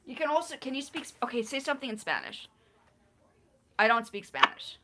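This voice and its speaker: A woman hosting a casual livestream, playful and quick to laugh, coaching someone on pronunciation. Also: high-pitched, big pitch swings, a crowd in the background. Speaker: livestream host.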